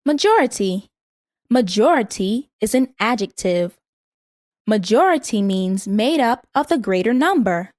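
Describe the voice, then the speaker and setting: A woman reading a scripted vocabulary lesson in a measured way, saying each word twice so learners can repeat it. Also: fairly high pitch, lively intonation, darkish tone, no echo, studio quality. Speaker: vocabulary instructor.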